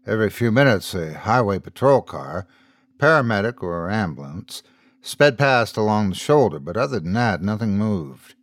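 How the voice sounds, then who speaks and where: A man's voice: fairly low pitch, moderate pace, no echo. A man narrating a scripted horror story as host, in a dry, close recording. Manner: storytelling, expressive.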